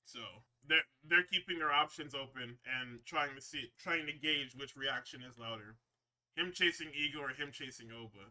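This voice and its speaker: A man's voice: mid-range voice, moderate pace, bright, forceful tone. A man hosting a podcast, recapping wrestling shows in a rambling, profane, casual way with frequent laughs. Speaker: podcast host.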